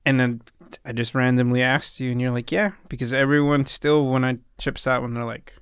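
Animated male podcast host telling stories. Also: mid-range voice, fairly quick, clean tone, dry recording, clean studio sound. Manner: animated storyteller, acts out quoted voices. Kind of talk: casual chat.

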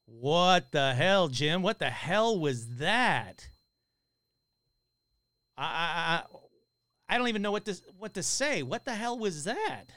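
An excitable man hosts a casual live stream, reading listener stories aloud and breaking in with loud, swearing reactions. His voice sits a little high and swings widely in pitch. The sound is dry and close, with no room echo. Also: takes it slowly, long pauses.

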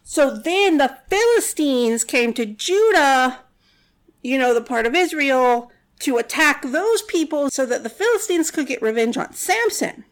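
Woman storyteller, high-pitched, casual and wry, peppered with fillers. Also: expressive, a little slow. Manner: chatty and sarcastic, many "like" fillers. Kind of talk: casual retelling of a Bible story.

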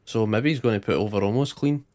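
A man's voice: lowish voice, fast, a little mellow. Laid-back Scottish man, swearing freely. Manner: laid-back, swears a lot, laughs along. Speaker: podcast co-host. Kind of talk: casual sweary chat.

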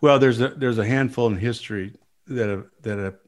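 A former football coach in a casual chat, giving measured, thoughtful analysis. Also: male voice, mid-range voice.

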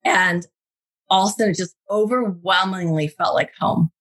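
A woman on a podcast telling a personal story in a casual, animated way, acting out the quotes. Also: normal speed. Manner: animated, acts out quotes with big pitch jumps. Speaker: guest, intuitive reader.

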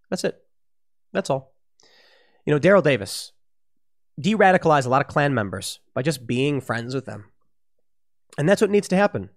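A man's voice: fairly high pitch, expressive, moderate pace, pauses often. A man delivering opinionated commentary to his audience, emphatic and heated, repeating words as he presses his points. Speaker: online political commentator.

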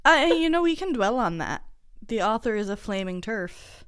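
A woman in casual podcast chat with a fairly high voice. She talks emphatically, filling pauses with "like" and laughing often. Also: big pitch swings, fairly bright tone, clean tone. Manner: emphatic, frequent fillers and laughs. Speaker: podcast co-host.

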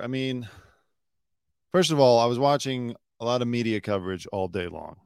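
A man hosting a casual news commentary show, sarcastic and quick to mock pundits. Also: mid-range voice, clean tone, no room sound, studio quality. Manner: sarcastic, mocks pundits in put-on mopey voices.

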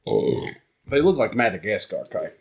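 A man telling a wild story in casual chat, profane and animated, jumping into high voices when quoting people. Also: measured pace, creaky.

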